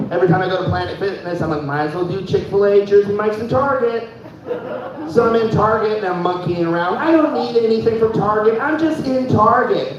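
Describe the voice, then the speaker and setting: A young man doing stand-up in a loose, chatty way, with a fairly high voice. He keeps tossing in "dude" and chuckles at his own lines. The sound is very echoey, dull and picked up from a distance, with faint noise behind it. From Fargo, North Dakota. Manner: casual, says "dude" constantly, laughs at own jokes. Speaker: stand-up comedian. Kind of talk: stand-up comedy set. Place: live comedy show in a room. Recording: echoey room, mic heard from far, dull.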